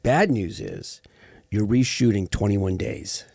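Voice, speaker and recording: A man's voice: fairly low pitch, takes it slowly, gravelly, no room sound. A middle-aged man, an actor as guest, telling stories in a casual interview and acting out the people he quotes. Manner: animated storyteller, quotes others.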